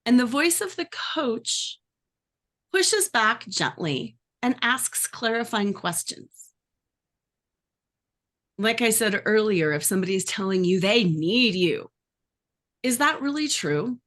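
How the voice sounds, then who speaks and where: A life coach teaching a workshop, lively and acting out the voices she describes. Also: medium pitch, slow. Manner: animated, acts out inner voices.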